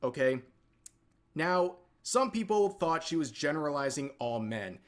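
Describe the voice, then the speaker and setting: A man narrating a commentary video in a measured, explanatory way. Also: fairly high pitch, sing-song. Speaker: commentary youtuber. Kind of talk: commentary narration in a played clip.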